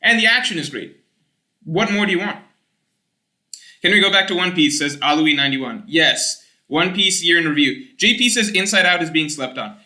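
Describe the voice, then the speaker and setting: Young man, streamer, casual rambling chat, very bright voice, roomy echo. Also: a little high, normal speed. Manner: rambling, animated, swears casually.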